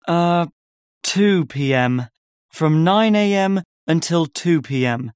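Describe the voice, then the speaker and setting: A man's voice: fairly high pitch, lively intonation, takes it slowly, clean tone, no echo, clean studio sound. A man as an organizer in a scripted listening-test dialogue, repeating details back carefully. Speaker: workshop organizer.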